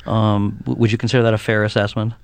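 A man with a somewhat low voice, working as a TV critic and interviewer. He asks his questions in a measured, polite way. The sound is dry and close to the mic. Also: level tone, vocal fry, a little mellow, no echo.

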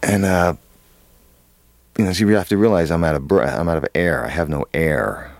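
A man's voice: low voice, moderate pace, vocal fry, no echo. A man, an actor, telling a long story in an interview, rambling with many fillers and restarts. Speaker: actor guest.

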